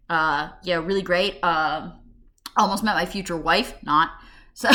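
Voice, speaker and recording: A woman in her twenties telling funny stories in a casual vlog, chatty and self-mocking, breaking into sudden shouted tics. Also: lowish voice, measured pace, a little hiss or hum. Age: 20s. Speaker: vlogger. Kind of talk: casual storytelling monologue. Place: home room.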